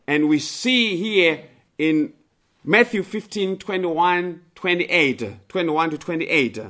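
A preacher delivers a sermon with scripture reading in a bright, slightly high voice. He takes his time, repeats key phrases for emphasis and raises his voice sharply when acting out a plea.

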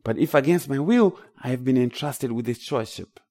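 A man's voice: mid-range voice, a little fast, darkish tone. A man with a Zimbabwean accent, from Zimbabwe, preaching a sermon with emphatic, rising declarations.

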